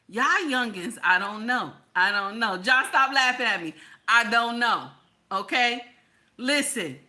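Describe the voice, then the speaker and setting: Brash woman commentator, high-ish voice, very bright and sharp, casual reaction talk. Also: measured pace. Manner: animated, brash, preachy asides. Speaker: commentary host.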